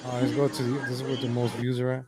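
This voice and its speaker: A man ranting in exasperation as he comments on videos for his viewers, calling them ladies and gentlemen. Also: medium pitch, completely flat delivery, fast, heavy background noise.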